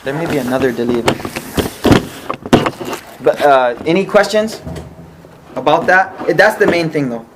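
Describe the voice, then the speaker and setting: A man's voice: fairly high pitch, unhurried, pauses often, noisy background. A man teaching an informal religious study class, explaining patiently and checking often that the group follows.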